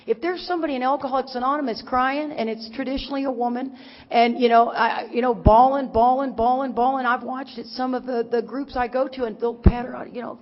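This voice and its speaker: Middle-aged woman, raised in Texas, folksy recovery speaker; higher voice, muffled hall recording. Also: a little fast. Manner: animated and folksy, teasing the audience. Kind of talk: recovery talk to a crowd. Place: large conference hall. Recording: dull recording with long hall reverb.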